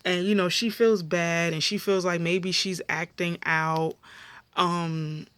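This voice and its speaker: A woman's voice: fairly low pitch, steady tone, slow pace, a bit bright, clear, resonant tone, no echo. Tired, chatty woman recapping TV. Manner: chatty, slangy retelling full of fillers. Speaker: reality TV recap vlogger. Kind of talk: casual episode recap.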